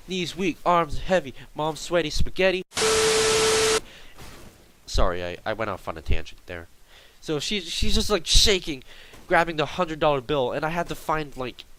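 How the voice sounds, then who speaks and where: A man's voice: medium pitch, fairly bright tone, slight background noise, low-quality recording. A young man telling a workplace story in a casual, rambling vlog style, full of fillers and exaggeration.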